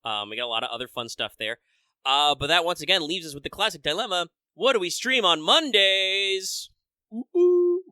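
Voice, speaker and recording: A man's voice: fairly high pitch, expressive, fairly quick, bright, forceful tone, clear, resonant tone, no room sound, clean studio sound. Rambling, swearing man on a podcast. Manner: rambling, profane, self-interrupting; restarts and filler words. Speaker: podcast co-host. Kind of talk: casual chat.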